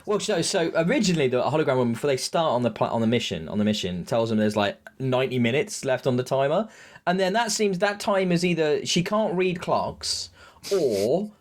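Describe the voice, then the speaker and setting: A man co-hosting a podcast, chatting casually and excitably on a headset mic, acting out the scenes he describes. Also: mid-range voice, brisk. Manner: excitable, jokey, acts out scenes. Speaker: podcast co-host. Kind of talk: casual recap chat.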